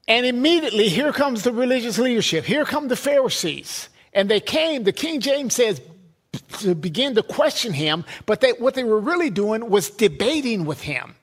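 A man's voice: very high voice, sing-song, normal speed. A man preaching a sermon, emphatic, repeating words and building lists.

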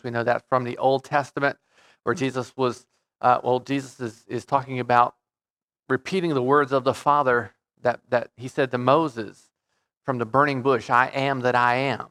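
A man preaching a Bible study in a relaxed, conversational manner. His pitch sits in the middle, and he often stops and restarts his phrases as he explains the verses. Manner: conversational and halting, with frequent restarts. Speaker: pastor. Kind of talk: bible teaching sermon.

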